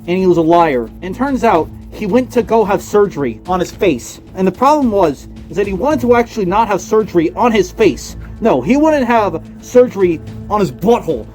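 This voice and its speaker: A young man telling a satirical mock-conspiracy story in a mock-serious, ranting way, swinging from loud outbursts to hushed asides. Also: high-pitched. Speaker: comedy video narrator.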